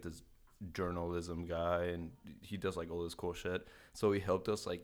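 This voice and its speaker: A young man from California telling a travel story in casual podcast chat, animated, swearing a lot and acting out the voices of the people in his story. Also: deep voice.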